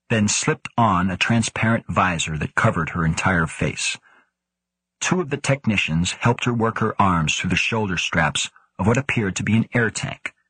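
Male audiobook reader, low and husky, steady pacing, dry booth sound. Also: dry recording. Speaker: audiobook narrator. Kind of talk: scripted narration.

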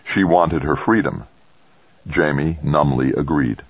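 Male audiobook narrator, very low and husky, measured read, dry muffled sound. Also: dry recording. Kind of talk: scripted narration.

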